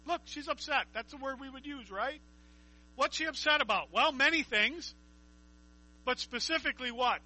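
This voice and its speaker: A man's voice: extremely high pitch, a little slow, long pauses, bright, forceful tone, rough recording. A man preaching a conversational Bible teaching, reading scripture aloud and asking his listeners questions.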